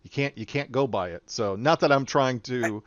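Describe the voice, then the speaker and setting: A man's voice: mid-range voice, normal speed, dull audio. A man hosting a casual podcast chat, loose and rambling, laughing often. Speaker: podcast host.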